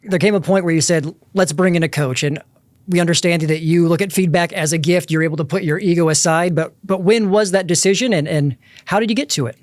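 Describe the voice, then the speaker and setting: A man asking interview questions in a rapid, scripted-sounding way. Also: fairly high pitch, dry recording, studio quality.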